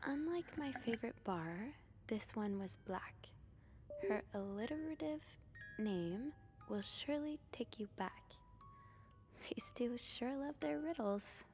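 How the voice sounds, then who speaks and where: A calm, gentle game narrator. She drops into soft whispers as she hints at riddles, her tone a little high. Quiet music plays beneath her. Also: slow pace. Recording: game audio with faint music.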